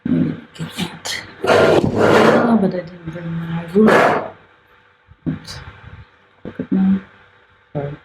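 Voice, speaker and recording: A woman's voice: lowish voice, takes it slowly, pauses often. A woman artist chatting casually while she draws, thinking aloud, correcting herself and laughing often. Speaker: artist live-streaming a drawing session. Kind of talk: casual chat while drawing. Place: art gallery. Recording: echoey room with faint ambient noise.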